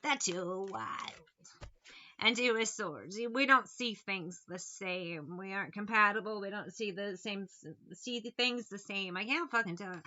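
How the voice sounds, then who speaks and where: A woman's voice: medium pitch, a little slow, pushed and bright, highs cut off. Blunt, swearing woman reading tarot. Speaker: tarot reader. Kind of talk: casual tarot reading monologue.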